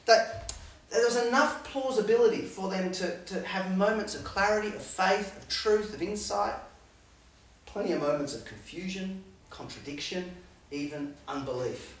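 A preacher giving an animated sermon, laughing between Bible readings and acting out the confused disciples. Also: medium pitch, normal speed. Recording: echoey hall, voice picked up from a distance.

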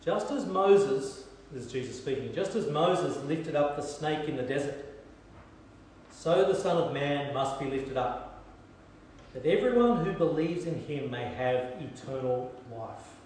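Aussie pastor preaching, animated storyteller, long reverb, faint room noise. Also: male voice, on the high side, unhurried. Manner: animated storytelling, shifting from soft hushed emphasis to lively humor. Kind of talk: sermon. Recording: echoey hall, distant mic.

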